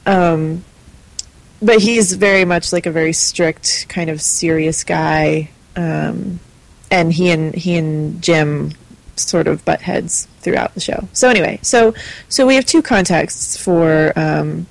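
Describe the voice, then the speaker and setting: A woman's voice: lowish voice, slow, gravelly, rough recording. A woman co-hosting a podcast, chatting casually and hesitantly with many fillers. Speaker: podcast co-host. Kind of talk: casual chat.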